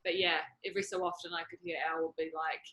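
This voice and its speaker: A woman who is a guest on a podcast, telling stories in a chatty, animated way. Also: fairly low pitch, fast talker, poor audio. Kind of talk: casual interview chat.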